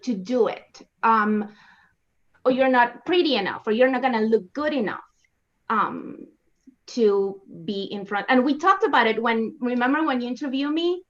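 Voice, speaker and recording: A woman's voice: fairly high pitch, normal speed, fairly bright tone, lo-fi sound. A woman guest in a casual panel discussion, talking earnestly and encouragingly. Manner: earnest, encouraging, repeats herself.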